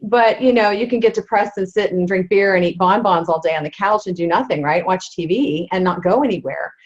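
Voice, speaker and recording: A woman's voice: medium pitch, brisk. A woman hosting an interview, speaking in an emotional, effusive way and often searching for her words. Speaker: host, interviewer. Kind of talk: casual interview. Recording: dull lo-fi sound.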